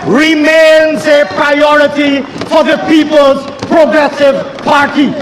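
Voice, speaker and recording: Guyanese male minister, very high voice, emphatic parliamentary speaker who hammers points home, long reverb of a parliament chamber. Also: little pitch movement, slow, a crowd in the background, noisy background. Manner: emphatic, repeats lines, builds to shouting at the opposition. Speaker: government minister presenting the budget. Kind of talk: parliamentary budget speech.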